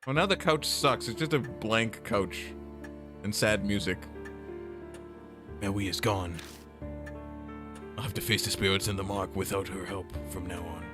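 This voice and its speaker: A man streaming a game, reading its lines aloud and joking in a mock-dramatic way. His voice is low, close on a desk mic. Faint music plays underneath. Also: fairly even intonation, a little slow, long pauses. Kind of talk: let's play commentary reading game text aloud. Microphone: desk mic with noise gate.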